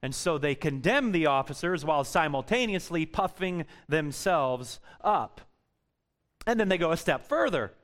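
Slow, dramatic male preacher. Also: fairly high pitch. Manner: expressive preaching, swinging from loud emphasis to quiet, drawn-out words. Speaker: pastor. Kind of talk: sermon.

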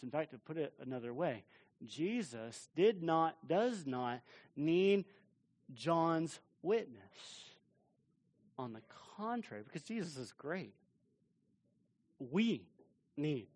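Animated, high-voiced male pastor. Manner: animated, emphatic, repeats words for stress. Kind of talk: sermon. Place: church.

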